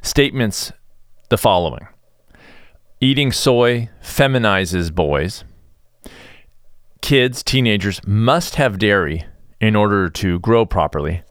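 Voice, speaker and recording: Middle-aged guy podcasting solo, lowish voice that bounces around a lot, blunt and chatty, dry close mic. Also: slow, pauses often, clear, resonant tone, no echo. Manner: blunt, animated storytelling. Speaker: podcast host. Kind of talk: casual monologue.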